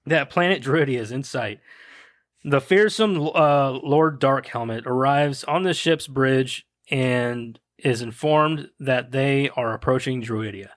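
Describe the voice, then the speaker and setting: A man's voice: medium pitch, takes it slowly, no echo, studio quality. A man hosting a casual movie podcast. He swears freely and laughs while reading out a plot summary. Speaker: podcast host.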